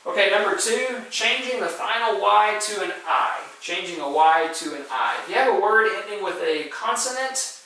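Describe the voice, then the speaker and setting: A man's voice: high voice, lively intonation, normal speed, bright, forceful tone. A male teacher giving a spelling lesson, explaining step by step and often checking in with "okay?" and "right?". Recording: very echoey room, voice from far off the mic.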